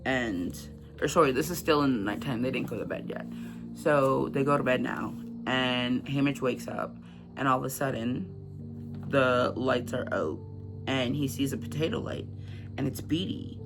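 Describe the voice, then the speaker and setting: Male book vlogger, casual and rambling, lots of "like," a creaky voice, music underneath. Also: mid-range voice, normal speed. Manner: chatty, filler-heavy retelling with frequent "like". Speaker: book channel host. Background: background music.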